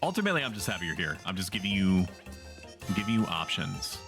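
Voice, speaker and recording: A man's voice: sits low, very animated, fast talker, over music. A man livestreaming a game, chatting casually with his viewers in a sardonic, joking way and swearing freely. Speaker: streamer.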